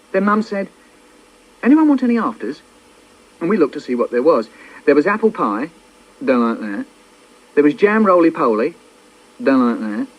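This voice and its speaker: Heard on a muffled old cassette copy, a man with a slightly high, slightly rough voice reads his own children's poetry aloud. He performs with playful theatrics and slips into small character voices.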